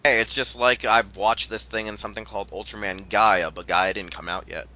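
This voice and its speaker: A man co-hosting a casual podcast, talking profanely and acting out scenes in loud, high, shouting voices. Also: steady tone, brisk. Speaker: podcast co-host. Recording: dull lo-fi audio.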